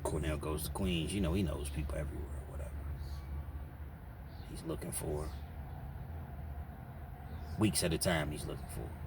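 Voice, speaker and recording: A man's voice: extremely low pitch, fairly even intonation, normal speed, long pauses, noisy background. A man telling a true-crime story casually, with lots of fillers and asides. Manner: loose, filler-heavy, conversational. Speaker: channel host, storyteller.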